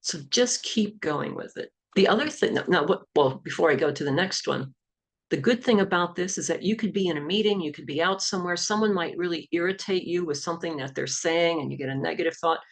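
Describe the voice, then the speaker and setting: A woman's voice: on the low side, brisk. A middle-aged woman, an executive coach and hypnotherapist, explaining self-help techniques in an easygoing talk.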